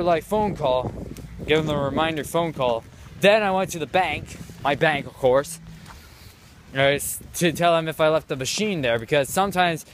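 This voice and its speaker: A man vlogging outdoors into a handheld phone, telling a rambling story and repeating "of course" constantly. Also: a little high. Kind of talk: casual rambling story vlog. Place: outdoors in the cold, walking. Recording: loud wind noise on phone mic.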